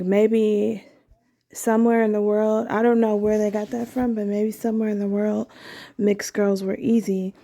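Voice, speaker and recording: A woman's voice: mid-range voice, vocal fry, warm tone. A woman talking in a casual, meandering personal monologue, candid and often correcting herself mid-sentence.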